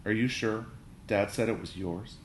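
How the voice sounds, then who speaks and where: A young boy from a storybook speaks in a plain, matter-of-fact way, read by a male narrator in his own low voice. The room is roomy with a faint hiss. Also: moderate pace, natural voice. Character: young boy, Calvin, sly older brother.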